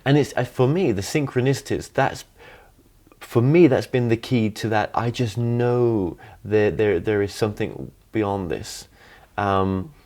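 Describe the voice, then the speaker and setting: A man's voice: fairly low pitch, unhurried, a little mellow. A man hosting an interview, speaking hesitantly with many restarts and fillers. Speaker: interview host. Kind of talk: casual interview.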